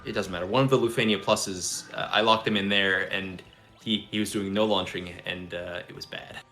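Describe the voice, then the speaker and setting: A man with a slightly low voice talks about a game in loose chat. He halts, hunts for the right word and trails off at the ends of his sentences. Faint music sits behind him. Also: steady tone, pushed and bright. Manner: halting, searches for words, trails off. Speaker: stream co-host. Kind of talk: casual gaming chat.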